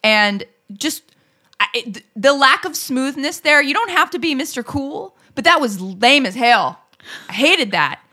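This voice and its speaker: A woman's voice: sits high, unhurried. A young woman co-hosting a podcast, telling stories in a casual chat and breaking into laughs and swearing along the way. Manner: animated storyteller, laughs often, swears freely. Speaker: podcast co-host.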